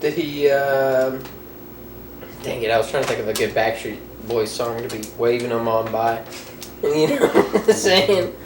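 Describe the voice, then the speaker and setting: A man's voice: mid-range voice, measured pace. A man hosting a casual podcast, rambling through a silly story and laughing as he tells it. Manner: giggly, breaks into laughter mid-story. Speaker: podcast host. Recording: echoey room from far off, faint noise.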